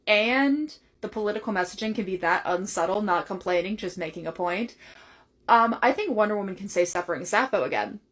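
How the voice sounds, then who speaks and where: A woman's voice: mid-range voice, expressive, fairly quick, a bit bright. A woman giving wry, offhand commentary.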